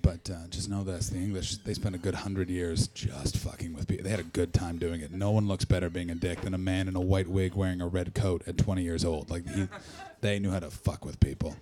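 A young man doing profane, mocking stand-up crowd work, bursting loud at times. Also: low voice, flat delivery, brisk, hardly any pauses, noisy background. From Canada. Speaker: stand-up comedian.

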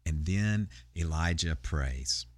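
A man with a low, deep voice preaches a sermon, retelling a Bible story in an easy, conversational way. He pauses on fillers and restarts his phrases as he goes. The sound is dry and close, with no room echo. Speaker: pastor.

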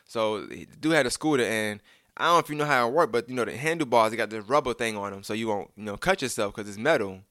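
A young man tells a rambling personal story at a fast clip, circling back with restarts and asides to his listener. He slips into animated versions of the people he quotes. The sound is dry and close, with no room around it. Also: medium pitch, no room sound. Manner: animated acting out of quoted lines. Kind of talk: casual storytelling.

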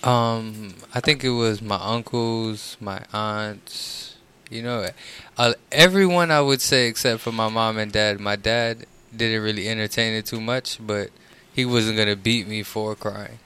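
A man's voice: lowish voice, fairly even intonation, measured pace, bright, forceful tone, smooth. A man in a casual podcast chat, talking in a laid-back, reflective way. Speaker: podcast co-host.

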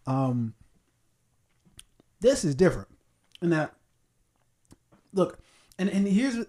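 Male podcast co-host, casual, profane, animated storyteller. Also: sits high, slow pace. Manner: profane, laughing, acts out quotes. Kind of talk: casual chat.

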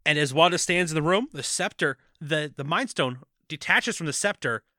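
A man co-hosting a casual podcast about a TV show, playful and quick with jokes. His voice sits at a middling pitch but is bright and very expressive. It is recorded close and dry. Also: no room sound. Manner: playful, riffs with jokes and quoted lines. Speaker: podcast co-host. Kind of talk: casual TV recap chat.

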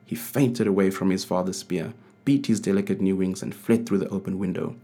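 A man reads his own storybook aloud at a measured, gentle pace. His voice is deep with a husky edge. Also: fairly even intonation. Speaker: co-author reading his book.

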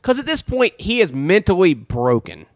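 A man's voice: no room sound, clean studio sound. A man co-hosting a casual chat show and recapping a movie, joking and swearing a lot. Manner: profane, joking, quick bursts with lively pitch swings. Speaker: podcast co-host.

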